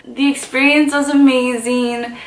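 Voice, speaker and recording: A woman's voice: high-pitched, measured pace, slight background noise. Gushing woman vlogger in an echoey room. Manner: gushing, excitable, filler-heavy chatter. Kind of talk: casual story time.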